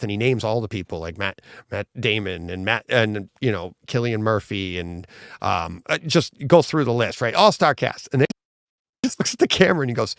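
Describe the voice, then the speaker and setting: Male co-host, gravelly voice, rambling and enthusiastic, dry close sound. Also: lowish voice, expressive, brisk, a bit bright, no room sound. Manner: rambling, enthusiastic retelling with many restarts. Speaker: podcast co-host. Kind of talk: casual livestream chat.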